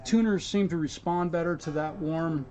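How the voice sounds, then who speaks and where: A man's voice: fairly high pitch, fairly even intonation, moderate pace, darkish tone. A man working as a guitar repair technician, thinking aloud and chatting casually with viewers as he works in his workshop. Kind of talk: casual workshop stream talk.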